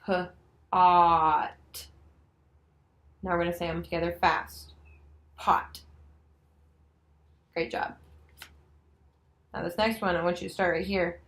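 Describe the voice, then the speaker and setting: A woman demonstrating a nonverbal reading lesson, slowly and patiently sounding out letters and words. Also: on the low side, level tone, poor audio. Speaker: special education student teacher.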